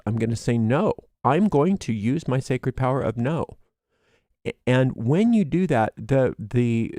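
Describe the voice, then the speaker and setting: A man talks through a daily tarot reading with a warm, mellow tone. He gets animated, laughs, and acts out little quoted voices. The sound is dry and close, with no room echo. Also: mid-range voice. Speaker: tarot reader.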